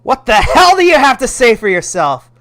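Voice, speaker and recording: A man's voice: mid-range voice, fairly even intonation, a little slow, lightly acted. A man voicing a seductive, domineering middle-aged mother in a game, purring and teasing. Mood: scolding. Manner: purring, teasing, then scolding. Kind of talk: reading game dialogue aloud.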